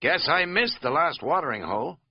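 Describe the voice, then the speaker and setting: A man's voice: a little high, sing-song, normal speed, slightly rough, dry recording, muffled recording, pitched above the performer's own voice, heavily acted. A man voicing a rambling, folksy middle-aged American man who talks in a chatty, self-mocking drawl.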